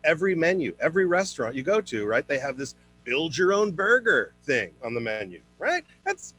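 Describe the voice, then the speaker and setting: A young man performing a stand-up comedy set for an online show, switching into high put-on voices for his characters. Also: very animated, a little fast, hardly any pauses, a bit bright, breathy edge, no room sound, soft background music.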